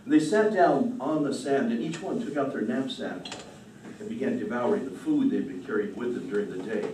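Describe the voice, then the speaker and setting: Mellow man storyteller in an echoing hall. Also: mid-range voice, fairly quick, a little hiss or hum. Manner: relaxed, repeats phrases. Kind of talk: storytelling performance. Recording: roomy distant hall mic.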